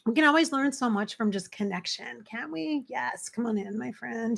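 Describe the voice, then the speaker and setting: A middle-aged woman, a psychic medium, channeling spirits on a livestream, speaking softly and often slipping into hushed whispers close to her mic. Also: on the high side, normal speed, gravelly, few pauses, a little hiss or hum. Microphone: close desk mic.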